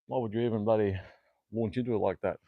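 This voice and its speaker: Australian man, deep-ish voice, casual workout stream chatter, fillers, mild swearing, dry sound. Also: steady tone, fast, gravelly, dry recording, narrow, tinny audio. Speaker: fitness livestreamer. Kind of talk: casual live-stream chat while exercising. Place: at home, indoors. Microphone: clip-on mic that falls off at times.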